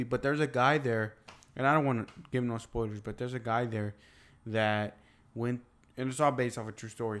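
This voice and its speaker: A man co-hosting a podcast, talking casually and thoughtfully, with hesitant restarts. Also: medium pitch. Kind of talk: casual chat.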